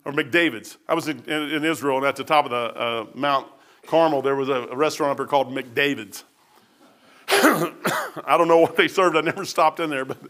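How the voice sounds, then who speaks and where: Man, 50s, pastor; homespun, joking sermon in church, high bright tone. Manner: folksy storytelling, self-deprecating humor.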